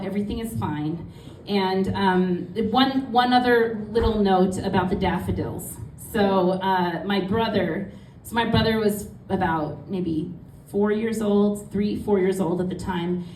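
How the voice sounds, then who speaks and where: A woman tells a personal story on stage with animated delivery, acting out the lines of the people in it. Her voice sits at an ordinary middle pitch and carries a roomy echo. She sounds a bit distant from the microphone, with faint room noise behind her. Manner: animated, acts out quoted voices.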